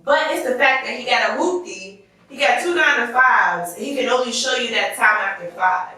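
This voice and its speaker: A woman co-hosting a loose group podcast, animated and acting out the voices of the people she quotes. Her voice is bright and a little high. She sits back from the mic in an echoey room. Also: fairly quick, recorded from a distance. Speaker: podcast co-host. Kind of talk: casual group chat.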